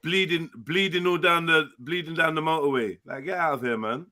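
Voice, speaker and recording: A man's voice: a little high, brisk, a crowd in the background. A man on a live panel, teasing the others in crude, rambling banter.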